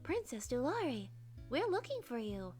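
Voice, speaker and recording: A woman's voice: sits high, sing-song, moderate pace, a little mellow, faint music behind. A woman voicing a dutiful castle servant delivering a polite, urgent summons in a visual novel reading.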